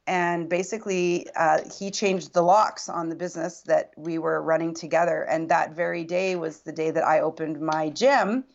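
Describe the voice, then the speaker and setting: A woman's voice: low-pitched, steady tone, moderate pace, creaky, few pauses, muffled recording. A woman guest recounting a personal story in earnest, reflective casual conversation. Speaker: podcast guest.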